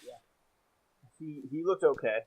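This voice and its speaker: A man's voice: a little high, lively intonation, a little slow, husky, poor audio. A young man co-hosting a casual sports podcast, talking hesitantly with many restarts. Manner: hesitant, restarts often, laughs easily. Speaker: podcast co-host.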